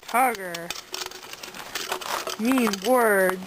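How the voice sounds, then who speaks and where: A woman's voice: fairly high pitch, takes it slowly. A woman vlogger cheering on and cooing at puppies in playful baby talk, filmed on a handheld camera. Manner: excited, cooing and cheering the pups on. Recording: noisy home video.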